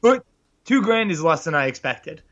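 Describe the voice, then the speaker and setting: A man's voice: fairly high pitch, big pitch swings, moderate pace, dull audio, a crowd in the background. A man appearing as a guest on a podcast, chatting in a laid-back, wry way. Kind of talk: casual chat.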